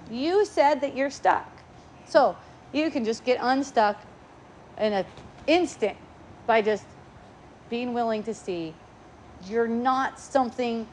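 A woman's voice: on the high side, a little hiss or hum. A middle-aged woman giving a casual spiritual talk, playful and laughing often as she acts out what people say to her.

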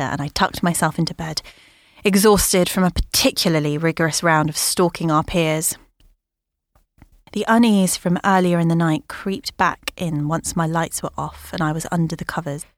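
A woman narrating a first-person horror story in a measured storytelling manner. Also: low voice, dry recording, studio quality.

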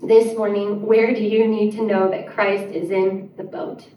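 A woman's voice: mid-range voice, little pitch movement, unhurried, far from the mic, slight background noise. A woman preaching a sermon in a church, earnest and pleading, rising to emphatic peaks. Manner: earnest, rising to emphatic, drops to soft prayer. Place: church sanctuary. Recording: echoey church room, mic set back.

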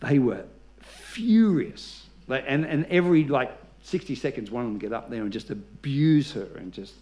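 A man's voice: medium pitch, lively intonation, moderate pace, mellow. A male pastor preaching a sermon, telling stories with humor and leading the congregation in call-and-response.

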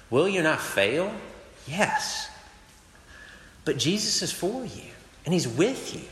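A man's voice: a little high, a bit bright. A young man from Mississippi, preaching a sermon in an earnest, conversational way with casual asides. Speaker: campus preacher. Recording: echoey hall, faint background noise.

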